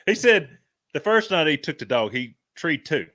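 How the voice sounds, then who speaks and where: A man, co-hosting a podcast and telling animated stories in rural slang. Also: a little high, normal speed, dry recording. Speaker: podcast co-host. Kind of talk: casual storytelling chat.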